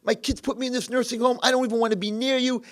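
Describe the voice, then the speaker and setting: A man voicing a shrill, cranky blind old man. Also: big pitch swings, normal speed, husky, exaggerated voice. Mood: furious. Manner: shrill shouting, bitter.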